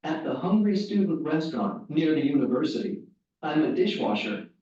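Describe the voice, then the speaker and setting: An actor playing a young male student who works part-time, reading a textbook dialogue in a plain, measured way. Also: a little high, very animated, a little mellow. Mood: relaxed. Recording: echoey, distant, lo-fi course audio.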